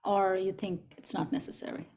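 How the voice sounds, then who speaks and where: A woman co-leading an online group, reading a poem aloud in a gentle, deliberate, unhurried way over a video call. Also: mid-range voice, flat delivery. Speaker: co-facilitator. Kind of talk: slow poetry reading.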